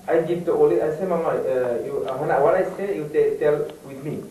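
A man recounts his faith testimony in halting, repetitive broken English with sudden emphatic bursts. His voice sits somewhat high. He sounds distant from the mic in an echoey room with a faint hiss behind him. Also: warm tone. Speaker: guest giving testimony.

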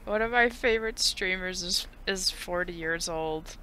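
A young woman co-hosting a gaming podcast in casual chat, animated and chatty, saying "like" often. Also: fairly low pitch, a little hiss or hum. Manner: animated, heavy use of "like", quick laughs. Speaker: podcast co-host.

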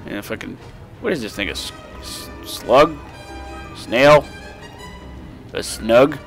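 Slow, gravelly, and medium in pitch, this young man's voice comes through a desk microphone as he casually commentates his gameplay for a let's play. He's excitable and profane, laughing frequently, with soft music underneath.

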